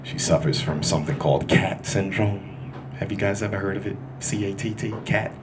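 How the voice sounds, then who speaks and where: A man doing a stand-up comedy set in a club, loud and crude, working the crowd as he tells stories. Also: low-pitched, a little fast. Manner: loud, crude, animated storytelling with crowd work. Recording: live club recording with room noise.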